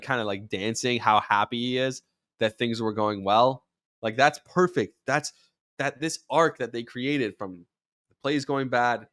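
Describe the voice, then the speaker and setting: Animated man in casual sports commentary. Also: medium pitch, dry recording, clean studio sound. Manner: animated, rising to near-shouts when acting out quotes. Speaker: podcast host and sports radio commentator.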